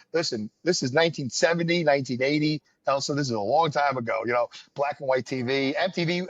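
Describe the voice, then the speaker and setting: A man's voice: on the high side, no room sound. A man, hosting a podcast and telling rambling, wry stories in casual chat. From New York area, US. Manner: rambling, wry storyteller with many fillers. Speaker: podcast host. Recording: dull lo-fi dry sound.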